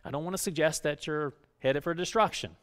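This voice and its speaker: A man preaching a sermon as pastor, talking conversationally and often checking in with "right?", moving between loud urging and quiet. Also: a little high, a little fast, smooth. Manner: conversational, keeps asking "right?".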